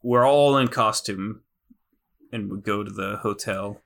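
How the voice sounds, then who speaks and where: A man's voice: on the low side, unhurried, vocal fry. A man playing in a casual tabletop game, full of questions and laughter, often stumbling over his words. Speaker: player.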